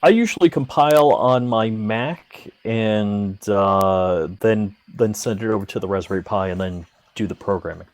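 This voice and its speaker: A man's voice: on the low side, moderate pace, hardly any pauses. A man joining a casual tech podcast conversation, eagerly chiming in.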